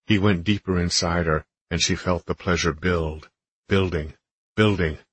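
A man narrating a romance audiobook in a steady, measured reading. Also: sits low, breathy edge. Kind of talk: scripted narration.

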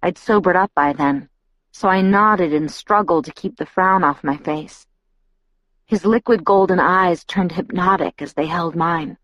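A woman reading a novel aloud in the first person, with a mid-range voice and an even, wry tone. The recording is dry and close. It also sounds a little dull and lo-fi. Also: fairly low pitch, unhurried, no echo. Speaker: audiobook narrator. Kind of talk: first-person audiobook narration.

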